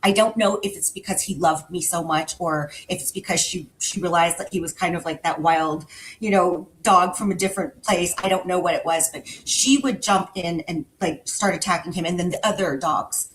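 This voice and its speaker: Middle-aged woman, lowish voice, reflective, faint background noise. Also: steady tone, moderate pace, low-quality recording. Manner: reflective, searching for words. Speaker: podcast guest. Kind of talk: casual podcast conversation.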